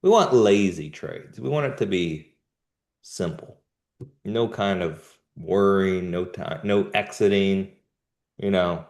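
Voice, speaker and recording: A man's voice: sits low, slow. A man hosting a live trading show, giving casual market commentary in jumpy bursts with slangy asides. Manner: animated, jumpy delivery with sudden emphatic bursts.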